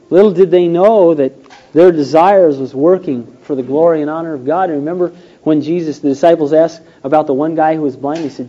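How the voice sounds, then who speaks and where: A man's voice: a little high, fast, mellow. A man preaching a sermon, telling a story and acting out the quotes with rising and falling emphasis. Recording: dull lo-fi recording.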